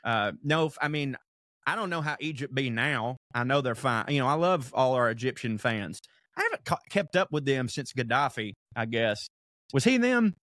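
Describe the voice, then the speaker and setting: A man's voice: mid-range voice, lively intonation, normal speed, fairly bright tone, no echo. Rambling profane podcast guy, dry mic. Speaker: podcast co-host. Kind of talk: casual comedic chat.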